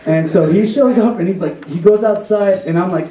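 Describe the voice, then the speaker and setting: Young guy from chicago rambling thru a swear-heavy story onstage, highish mellow voice, roomy live sound from far off. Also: a little fast. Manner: rambling, profane, laughing through his story. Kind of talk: live story slam telling. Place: live venue with an audience.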